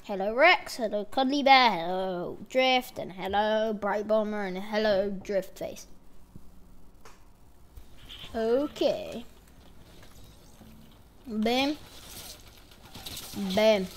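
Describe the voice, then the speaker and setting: Woman gamer rambling along slowly over gameplay, faint hiss in the back. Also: medium pitch. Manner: chatty, playful, rambling. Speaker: gaming channel host. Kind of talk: gameplay commentary.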